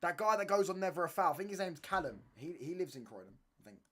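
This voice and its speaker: A man's voice: high voice, big pitch swings, fast, fairly bright tone. A young man, hosting a casual livestream, rambling in slangy talk and often asking "you get what I'm saying". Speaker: channel host. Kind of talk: casual livestream chat reading comments.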